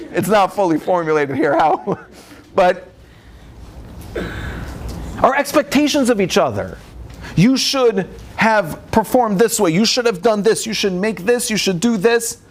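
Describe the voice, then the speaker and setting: A young man giving a lively, joking talk as a rabbi. His voice sits high and swoops up and down as he acts out both sides of every exchange. A faint hiss runs under the recording. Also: measured pace. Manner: animated storytelling, acts out dialogue, frequent laughter. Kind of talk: humorous lecture.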